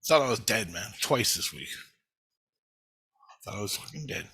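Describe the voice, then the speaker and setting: A man's voice: fairly low pitch, animated, moderate pace, pushed and bright, slightly rough, low-quality recording. A man rambling agitatedly through a profane monologue, swearing constantly as he recounts his visions. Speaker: vlogger recounting spiritual visions.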